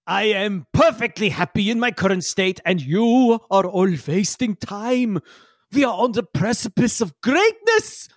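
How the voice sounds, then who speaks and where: A pompous alien professor, very high. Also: male voice, very animated, unhurried, no room sound, studio quality, exaggerated voice. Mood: impatient. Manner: broken grammar, theatrical proclamations. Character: pompous eccentric male alien professor, grandiose.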